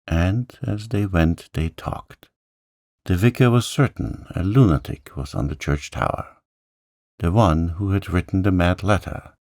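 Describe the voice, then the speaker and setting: A man reading a storybook aloud in a calm, gentle sleep-story manner. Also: vocal fry, dry recording, clean studio sound. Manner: gentle, slow, lifts pitch for characters' lines.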